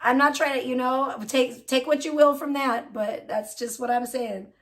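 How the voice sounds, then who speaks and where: A woman's voice: high voice, fairly even intonation, moderate pace, a bit bright. A woman livestreaming, ranting casually with lots of swearing and laughter, mocking someone.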